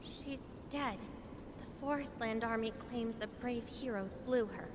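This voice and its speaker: A woman's voice: unhurried, natural voice. A woman voicing an earnest young rebel fighter. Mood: troubled. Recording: game audio with rumble under it.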